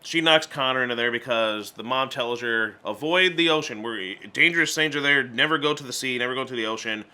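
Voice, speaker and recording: A man casually reviewing an animated movie, chatty and stumbling over restarts, acting out character lines in little voices. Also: medium pitch, fairly quick, hardly any pauses, clear, resonant tone.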